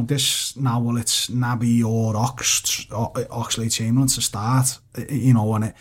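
A man's voice: medium pitch, husky. A man, chatting casually as a panelist on a football podcast, rambling and swearing freely. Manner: rambling, swears freely, animated when mimicking mates.

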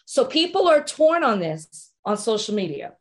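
A woman's voice: on the high side, very animated, normal speed. A woman co-hosting a podcast in casual chat, reading quotes aloud and laughing easily. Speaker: podcast co-host.

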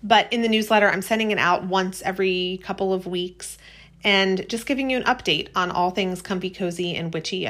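Woman podcast host, mid-pitch voice, loose rambling solo chat. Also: a bit bright. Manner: rambling, chatty. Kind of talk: casual podcast monologue.

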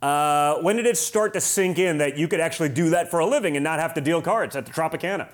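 A man in his forties hosting an interview, chatting casually with quick sarcastic jokes. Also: fairly high pitch. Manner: joking, quick, sarcastic asides. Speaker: podcast host.

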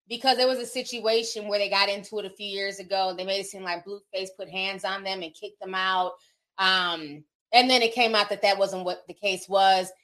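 A woman hosting a casual gossip livestream, talking to her chat in an animated, chatty way. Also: on the high side. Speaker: streamer. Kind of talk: casual celebrity gossip stream.

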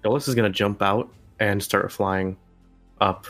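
A man at a tabletop game with a lowish voice. He talks haltingly, stopping and restarting as he asks the game master questions. Faint music runs underneath. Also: steady tone, a bit bright. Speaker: player.

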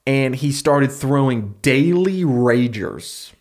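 A man telling a story on a comedy podcast, talking fast and loosely. He piles on fillers and jokes as he goes. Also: medium pitch. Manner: fast, animated retelling with fillers and laughs. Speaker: podcast co-host pitching a story.

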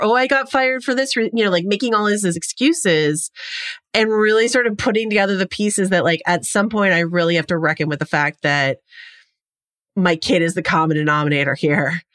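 A woman of middle pitch shares her take on a series in relaxed conversation. She thinks out loud, with small restarts and fillers as she finds her words. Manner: thoughtful, talks through her ideas with fillers. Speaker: podcast co-host. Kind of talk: casual chat, TV recap.

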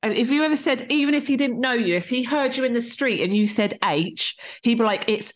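A woman from Portsmouth, co-hosting a casual chat, blunt and animated and swearing freely. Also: on the high side, brisk. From Portsmouth, England. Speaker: podcast co-host.

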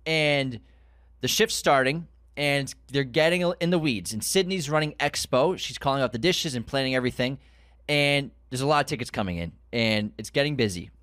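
A man co-hosting a podcast, recapping a TV episode in a casual chat, animated and swearing, acting out scenes in a raised voice. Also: mid-range voice, normal speed, no room sound, studio quality. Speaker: podcast co-host.

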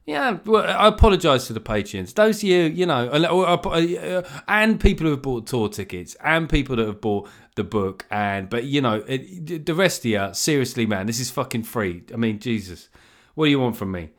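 A man's voice: medium pitch, big pitch swings, moderate pace, few pauses, fairly bright tone. A middle-aged man hosting a podcast solo, rambling through jokey, swear-filled asides into a mic that sometimes clips. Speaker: podcast host. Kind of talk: solo comedic monologue. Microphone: gain set too high, clipping at times.

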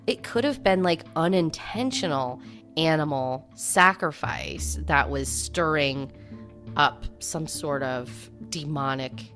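Female podcast co-host, deep voice, chatty storyteller, faint music underneath. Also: expressive, slow pace, a bit bright. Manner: conversational storytelling, many "like" fillers. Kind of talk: casual chat about hauntings.

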